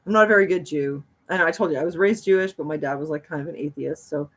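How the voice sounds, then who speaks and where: A woman's voice: deep voice, fast talker. Chatty woman rambling on a livestream. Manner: chatty, rambling, laughs often. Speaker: livestream host. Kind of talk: casual livestream chat.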